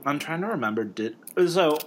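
A man casually discussing movies, rambling with many fillers and frequent jumps up in pitch. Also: animated, brisk, slight background noise.

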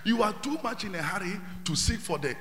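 A male preacher delivering an emphatic sermon in call-and-response, pausing for an interpreter and rising to shouts. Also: high voice, lively intonation, in a large hall.

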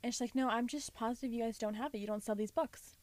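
Higher-voiced woman, dry retelling. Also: steady tone, fast talker, darkish tone, dry recording. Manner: dry retelling, quoting a customer. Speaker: podcast co-host. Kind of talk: casual chat, storytelling.

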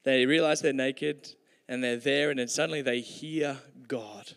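A man's voice: medium pitch, fairly even intonation, measured pace, fairly bright tone. A man giving a conversational, humorous sermon with storytelling, with hesitations, in a hall with long reverb. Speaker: preacher.

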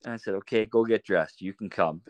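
A man on a podcast as a guest, telling animated anecdotes in a casual way and laughing often. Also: fairly low pitch, a little fast, no room sound, dull audio. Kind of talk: casual storytelling.

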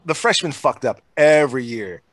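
A man telling casual, profane stories from his school days in a relaxed, chatty way. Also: medium pitch, moderate pace, no echo. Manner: profane, laid-back storytelling. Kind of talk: casual storytelling chat.

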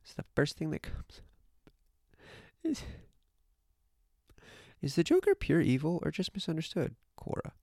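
A man's voice: a little high, wildly swooping pitch, measured pace, long pauses, a little mellow, no echo, studio quality. A young man streaming, ranting casually into his own mic, swearing, repeating himself and dropping into whispers. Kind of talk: casual rant to chat. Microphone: own desk mic.

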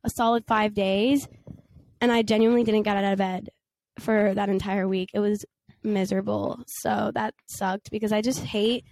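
A woman's voice: medium pitch, steady tone, normal speed, a little mellow, no room sound. A woman in her twenties co-hosting a podcast, chatting playfully while her voice is still recovering from a cold. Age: 20s. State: recovering from a cold, voice not fully back. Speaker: podcast co-host. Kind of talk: casual chat.

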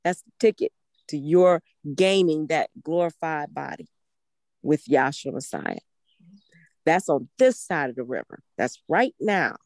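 A woman's voice: sits low, lively intonation, measured pace, a little mellow, no echo. A woman preaching a sermon in a fervent, emphatic way, repeating phrases for stress. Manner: fervent, emphatic, with emotional laughs.

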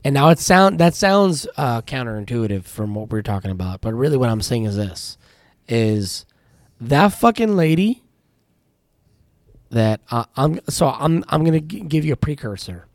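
A man's voice: mid-range voice, big pitch swings, moderate pace, dry recording. Profane ranting man telling stories. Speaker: podcast co-host; tire shop worker. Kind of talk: casual podcast chat.

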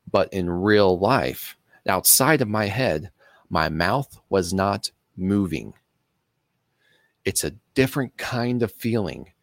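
Very deep-voiced man telling a story. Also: no room sound, clean studio sound. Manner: halting, with pauses and restarts. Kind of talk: personal story told to camera.

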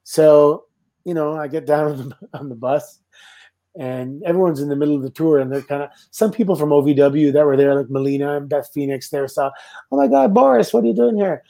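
Middle-aged Canadian man, warm mellow guest voice, easygoing laughing storyteller. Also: a little high, brisk. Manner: relaxed, laughing anecdotes. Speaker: guest, former pro wrestler. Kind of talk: casual storytelling.

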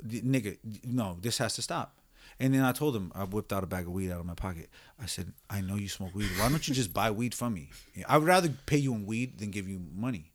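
A man hosting a casual podcast, telling profane, animated stories and doing the voices of people in them. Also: fairly low pitch, fast talker. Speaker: podcast host. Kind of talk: casual storytelling chat.

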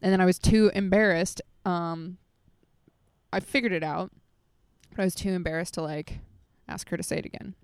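Blunt, gravelly young woman, dry close mic. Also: fairly low pitch, steady tone, moderate pace, no room sound. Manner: blunt, sarcastic, swears freely. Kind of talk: casual chat. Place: Los Angeles area, late at night outdoors.

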